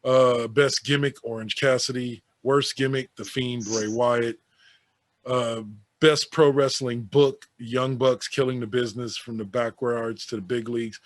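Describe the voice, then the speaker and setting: A man co-hosting a casual podcast, reading through an awards list with sarcastic asides. His voice sits at an ordinary middle pitch. It sounds dry and close, with no room echo. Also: fairly even intonation, unhurried. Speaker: podcast co-host.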